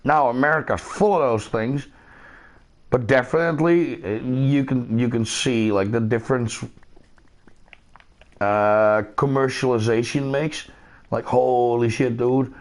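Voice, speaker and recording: A man's voice: mid-range voice, measured pace. Dutch man in laid-back chat. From Netherlands. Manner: laid-back, profane, laughs often. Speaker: streamer. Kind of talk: casual chat while gaming.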